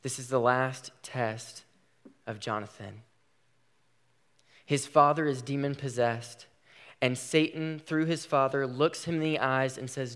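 A man's voice: mid-range voice, fairly even intonation, unhurried, long pauses, fairly bright tone. A man preaching a sermon, retelling a story with dramatic, emphatic delivery.

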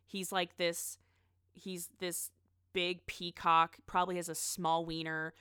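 A woman's voice: lowish voice, flat delivery, slow, pushed and bright, clear, resonant tone, no room sound, studio quality. A woman in casual chat, rambling about pop culture with frequent restarts and asides.

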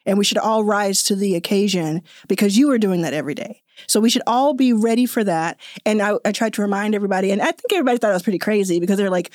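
A woman's voice: medium pitch, very fast, hardly any pauses, a little mellow, dry recording. A woman hosting a podcast interview, upbeat and teasing, repeating points for emphasis. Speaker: podcast host. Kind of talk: casual interview chat. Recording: dry.

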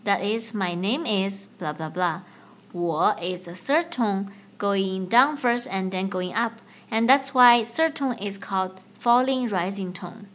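Woman hosting a language lesson podcast. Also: medium pitch. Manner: clear, slow teaching delivery with playful banter. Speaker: podcast host and language teacher.

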